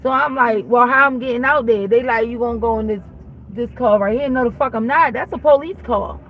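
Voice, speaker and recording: A woman's voice: a little high, brisk, lo-fi sound. A woman vlogger telling a story in a blunt, casual way, acting out both sides of a conversation as she goes. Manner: blunt, profane, animated retelling with acted-out dialogue. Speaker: vlog host.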